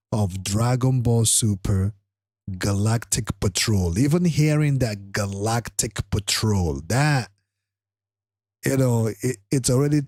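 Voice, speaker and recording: A weary man chatting on a live stream, his words slow and drawn out, full of ums and restarts. He sounds tired, like he can barely keep his eyes open. The sound is dry and close, with no room echo. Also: medium pitch, darkish tone. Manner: rambling, with frequent fillers and restarts. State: tired, struggling to stay awake. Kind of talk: casual live-stream chat.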